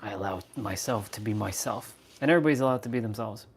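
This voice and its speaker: A man's voice: on the low side, fast talker, vocal fry, background noise. A man chatting casually on a phone live stream, goofy and joking, poking fun at himself. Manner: goofy, joking, self-mocking.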